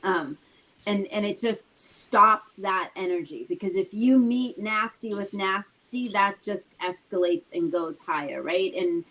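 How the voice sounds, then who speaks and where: A woman's voice: medium pitch, a little slow, bright, forceful tone, low-quality recording. A woman co-hosting a talk show who explains her points conversationally and drives them home with rhetorical questions. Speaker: co-host. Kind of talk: casual motivational talk.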